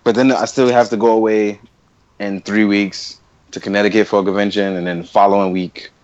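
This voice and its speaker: A man's voice: on the low side, flat delivery, fairly quick, a little mellow, dry recording, dull audio. A young man co-hosting a casual podcast chat, loose and slangy, laughing often. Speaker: podcast co-host.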